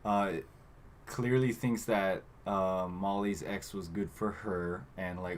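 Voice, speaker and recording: Male podcast co-host, low voice, casual rambling recap, slight background noise. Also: animated, measured pace, a little mellow. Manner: rambling, filler-heavy, acts out quotes. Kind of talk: casual chat recapping a movie.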